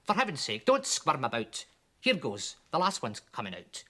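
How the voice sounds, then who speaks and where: A performer reading a children's poem aloud and voicing a gleeful, money-minded dentist in a smug, drawn-out way. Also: medium pitch, wildly swooping pitch, bright, forceful tone, exaggerated voice.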